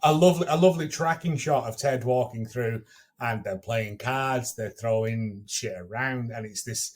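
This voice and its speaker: A man at a middle pitch, chatting about a TV show with enthusiasm. He often repeats words while searching for the next phrase. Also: moderate pace, darkish tone. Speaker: podcast co-host. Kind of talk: casual review chat.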